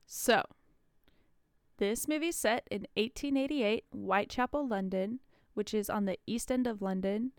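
A woman's voice: mid-range voice, measured pace, clean tone, dry recording, studio quality. A woman co-hosting a casual podcast, recapping a movie with frequent laughs. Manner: laughs often, chatty and relaxed. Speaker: podcast co-host.

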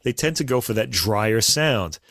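Chatty low-voiced man, dry sound. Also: measured pace, no room sound. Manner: relaxed, chatty, with fillers and asides. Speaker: podcast co-host. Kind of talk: casual chat about classical recordings.

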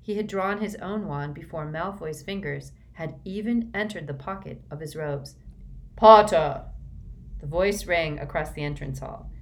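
A woman reading a storybook aloud in a steady, measured way. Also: sits low. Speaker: audiobook reader. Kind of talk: storybook narration.

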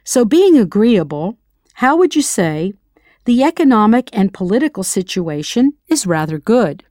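A woman's voice: mid-range voice, sing-song, normal speed, a little mellow, no room sound, studio quality. Woman teaching in a playful quiz style. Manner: playful, quizzing the listener with questions. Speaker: language teacher. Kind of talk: scripted audio lesson narration.

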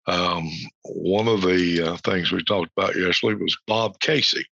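A man's voice: low-pitched, moderate pace, gravelly, bright, forceful tone, no echo. A man from the United States hosting a podcast, talking informally about a news topic with many fillers and restarts. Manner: rambling, frequent fillers, reads quotes aloud. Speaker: podcast host. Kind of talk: informal educational talk. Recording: dull lo-fi dry recording.

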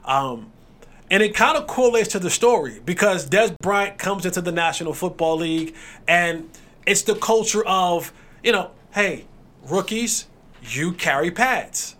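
A man hosting a podcast, talking casually and telling his own anecdotes in a relaxed, conversational way. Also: high voice, moderate pace. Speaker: podcast host, former football player. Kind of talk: casual chat.

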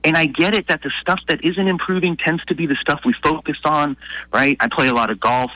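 Guy guesting on a radio show, bright clear voice, earnest and explaining, dry sound. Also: on the high side, steady tone, a little fast, dry recording, rough recording. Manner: earnest, explanatory, with frequent restarts. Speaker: guest scientist. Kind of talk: radio interview.

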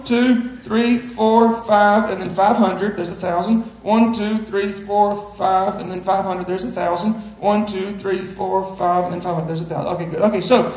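A man preaching a sermon, folksy and playful, building to loud emphasis. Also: sits high. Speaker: pastor. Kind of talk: sermon with live illustration. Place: church sanctuary. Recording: roomy church echo.

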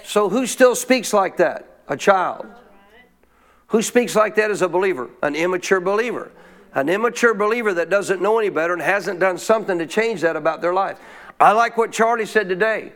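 A man's voice: high voice, expressive, moderate pace, a bit bright. A man preaching a sermon as pastor, reading verses and prompting his congregation to answer his questions aloud. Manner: call-and-response preaching, asks congregation questions. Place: church.

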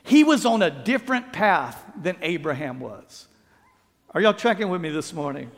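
A man with a slightly high voice preaches a sermon as pastor at a moderate pace, in a church sanctuary with reverberant sound. His storytelling is animated, with acted-out quotes and playful asides.

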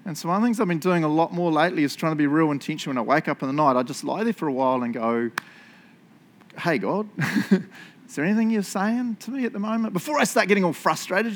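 A man's voice: a little high, fairly bright tone. A man preaching a casual, confessional sermon to his church, chatty and self-deprecating, laughing often. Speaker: pastor.

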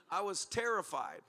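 A male pastor preaching to a church congregation, telling stories with laughter and acting out conversations. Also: extremely high pitch. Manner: animated, laughing storyteller who acts out exchanges. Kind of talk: sermon with storytelling. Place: church service.

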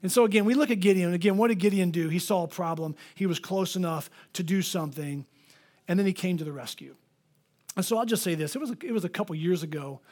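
High-voiced pastor telling an animated story. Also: male voice, fast. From Florida. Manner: animated, acts out the people in his stories. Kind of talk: sermon storytelling.

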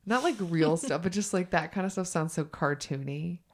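Woman co-host, casual chat, frank and chatty, swears freely, lower pitch. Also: animated, normal speed, darkish tone.

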